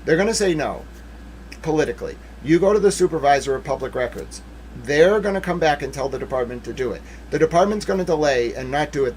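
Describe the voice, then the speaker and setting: A man giving casual, rambling legal commentary on a stream, animated, with jokey asides and mock voices. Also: medium pitch, slight background noise.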